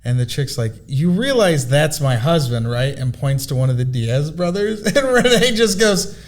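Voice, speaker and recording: A man's voice: on the high side, animated, moderate pace. A man on a podcast telling loose, profane stories, laughing as he goes. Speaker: podcast guest. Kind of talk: casual podcast storytelling.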